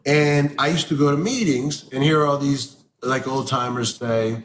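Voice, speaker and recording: A man's voice: fairly high pitch, moderate pace, hardly any pauses. A man giving a candid interview answer about recovery, blunt and salty with his language. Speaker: interview guest. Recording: roomy echo with faint background noise.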